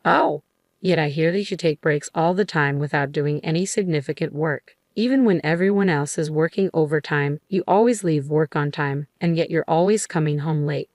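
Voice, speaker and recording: A man's voice: fairly high pitch, normal speed, no room sound, clean studio sound, natural voice. A woman reading the lines of a stern older man, a company boss who bluntly scolds his son-in-law. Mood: scolding.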